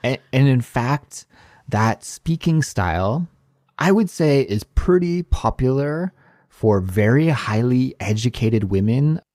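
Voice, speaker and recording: A man around forty co-hosting a casual podcast, easygoing and agreeable in his measured replies. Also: medium pitch, animated, a little mellow, no echo, clean studio sound. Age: late 30s to 40s. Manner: easygoing and agreeable, laughs along, measured phrasing. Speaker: podcast co-host. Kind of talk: casual conversational podcast chat.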